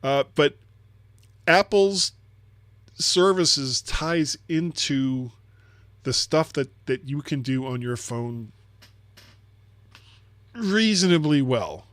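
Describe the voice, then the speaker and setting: A man's voice: on the high side, animated, slow pace, long pauses, a bit bright, no echo. Dry-voiced man explaining tech news. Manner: explanatory, repeats words while thinking. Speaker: podcast co-host. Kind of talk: casual tech podcast discussion.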